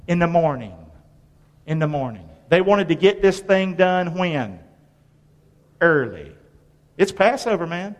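Man, pastor, lively sermon, call-and-response, high voice, echoing hall. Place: church hall with long reverb. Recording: reverberant church hall.

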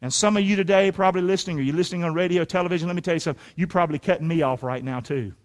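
A pastor in his forties delivers a rapid-fire sermon in a high voice from a church sanctuary. He's animated, often shouting, and keeps hurling rhetorical questions at the room.

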